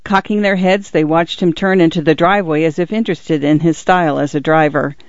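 Brief: male audiobook narrator, slightly higher voice, dry muffled read, measured and expressive. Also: dry recording.

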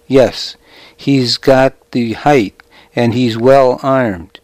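A man's voice: medium pitch, steady tone, extremely slow, a little mellow, no echo. A man voicing a boastful young shepherd in an audiobook, whiny and bragging.

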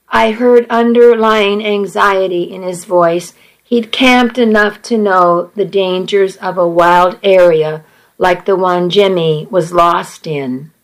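A woman's voice: mid-range voice, slow, rough recording. A woman narrating a first-person story in an earnest, emotional way.

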